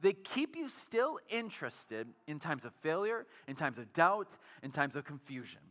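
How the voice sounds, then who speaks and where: Bright-voiced pastor in a reverberant hall. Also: male voice, on the high side, very animated, moderate pace. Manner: casual, storytelling, many fillers like "like". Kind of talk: sermon. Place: church sanctuary.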